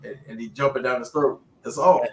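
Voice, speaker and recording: A man in a casual scripture discussion, relaxed as he tells a story about someone he knew. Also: medium pitch, brisk. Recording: roomy echo.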